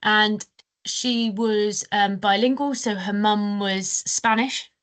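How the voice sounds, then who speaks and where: A woman's voice: mid-range voice, fairly even intonation, slow pace, fairly bright tone. A British woman co-hosting a podcast, chatty and full of anecdotes, acting out quotes. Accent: British English. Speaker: podcast co-host, early years trainer. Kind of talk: casual podcast discussion.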